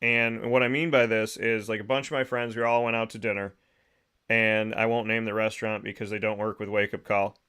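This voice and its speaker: A man hosting a casual podcast, telling a story in a lively, animated way and laughing as he goes. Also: fairly low pitch, a little fast, smooth. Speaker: podcast host. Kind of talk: casual chat.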